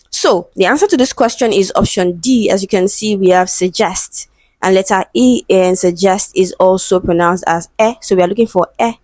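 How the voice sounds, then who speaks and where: A woman tutor leads an exam-prep English lesson with a patient, step-by-step delivery, sounding out and spelling words before naming the right option. Her voice sits at an ordinary middle pitch. The recording is close and dry, with no room sound. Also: a little mellow, no room sound.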